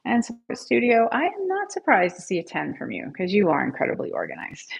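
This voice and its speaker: A woman's voice: mid-range voice, wildly swooping pitch, a little fast, gravelly, slightly rough. A woman hosting a live guided tapping session, encouraging viewers and calling out their scores, and leading affirmations for listeners to repeat after her. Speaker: tapping coach, livestream host.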